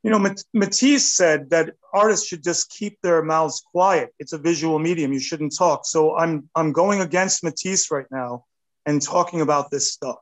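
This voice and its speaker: A man in his fifties chats as an interview guest, rambling and self-deprecating. His voice sits a little high for a man. He gets animated as he talks. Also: moderate pace, low-quality recording. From United States. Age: 50s. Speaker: artist guest. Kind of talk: casual interview chat.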